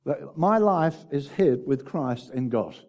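A male preacher with a husky, mellow voice that is warm rather than bright. He swings from loud, emphatic cries down to quiet, confiding asides. His delivery is full of dramatic emphasis. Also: medium pitch, animated, takes it slowly. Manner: swings between loud exclaiming and hushed, intimate asides. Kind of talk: sermon.

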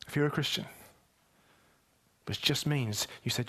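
Speaking at a measured pace in a husky voice, a preacher addresses the congregation head-on, his sermon climbing to emphatic high points with big shifts in pitch and volume.

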